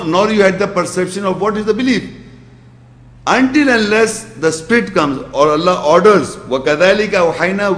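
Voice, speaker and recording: A man giving a religious lecture, asking his listeners pointed questions and quickly reciting Arabic verses before explaining them. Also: high-pitched. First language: Urdu. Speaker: Islamic lecturer. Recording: echoey hall.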